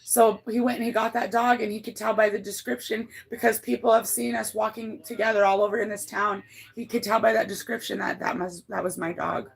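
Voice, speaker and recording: A woman's voice: fairly even intonation, a little fast, gravelly, breathy edge. A woman livestreaming to her chat, telling a personal story in a rambling, blunt way, swearing freely and often restarting her sentences. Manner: emotional, voice climbs high when moved.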